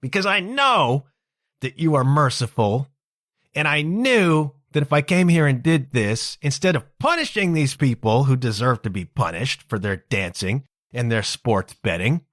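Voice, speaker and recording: A man's voice: medium pitch, a bit bright, dry recording, studio quality. A man voicing an angry, self-righteous male prophet who complains that mercy was shown. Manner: indignant complaining.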